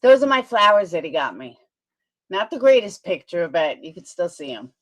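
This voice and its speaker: A middle-aged woman livestreamer chatting casually and gushing over things in an animated way. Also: lowish voice, moderate pace.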